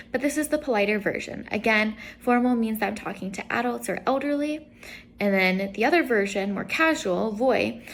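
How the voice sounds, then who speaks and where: A young woman teaching an Italian lesson, explaining patiently and repeating each example word clearly. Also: medium pitch. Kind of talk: online language lesson.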